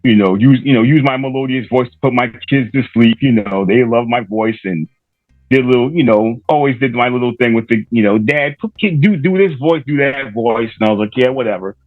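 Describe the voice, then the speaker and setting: A man's voice: medium pitch, fairly even intonation, fast, dry recording, phone-quality sound, soft background music. A middle-aged man from Rhode Island, a podcaster guest telling stories casually and loosely, with many fillers and restarts. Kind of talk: casual interview storytelling.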